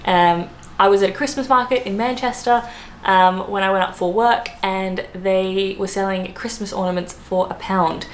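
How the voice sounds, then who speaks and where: A woman's voice: medium pitch, steady tone, normal speed. Chatty Australian woman in an echoey room. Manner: chatty, filler-heavy, laughs often. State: hungover. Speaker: travel vlogger. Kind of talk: casual vlog chat. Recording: roomy echo, faint background noise.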